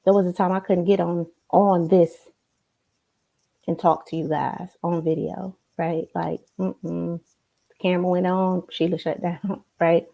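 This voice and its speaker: Warm-voiced woman coaching with emphasis. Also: on the low side, level tone, unhurried, vocal fry, lo-fi sound. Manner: emphatic, frequent tag questions. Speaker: life coach. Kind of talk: motivational talk to camera. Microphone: computer camera.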